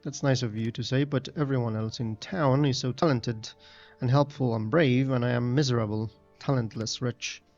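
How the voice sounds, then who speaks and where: A man's voice: medium pitch, fairly even intonation, moderate pace, darkish tone, soft background music, close to an everyday voice. Timid, self-pitying townsperson from a fantasy game, meek and mournful, dull recording, read by a man. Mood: miserable.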